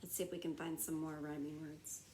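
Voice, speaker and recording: A woman teacher reading a picture book aloud to young children in a slow, sing-song way, stretching and repeating rhyming words. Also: deep voice, level tone, dark tone, reverberant, a little hiss or hum.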